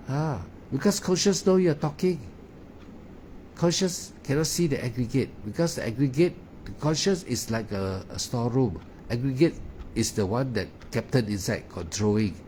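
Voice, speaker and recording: A man gives a meditation talk in halting, non-native English, filling his pauses with "ah" and "uh" and repeating words. His voice is mellow and relaxed. Faint noise sits under the recording. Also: mid-range voice. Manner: hesitant, frequent "ah" fillers and repeated words. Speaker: meditation teacher. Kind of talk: Dharma talk.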